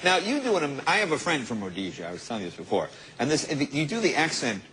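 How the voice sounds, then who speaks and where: A male talk show host asking quick, joking, enthusiastic questions. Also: mid-range voice, big pitch swings, a bit bright, slight background noise, rough recording. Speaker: interview host.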